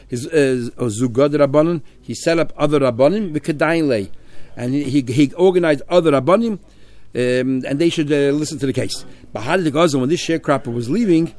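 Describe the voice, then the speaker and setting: A man teaching a Talmud class, quickly translating Aramaic phrase by phrase. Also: a little high, a little mellow.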